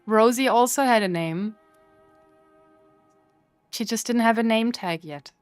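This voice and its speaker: A woman's voice: on the high side, measured pace, dry recording, faint music behind. Playful woman streamer chatting to chat. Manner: playful, dramatic mock outrage. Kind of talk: casual chat with live chat.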